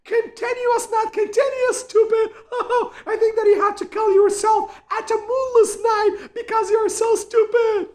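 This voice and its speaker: A man's voice: extremely high pitch, level tone, measured pace, hardly any pauses, a little mellow, pitched above the performer's own voice. A man voicing a cruel mocker who shrieks and cackles ridicule at a learner. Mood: mocking.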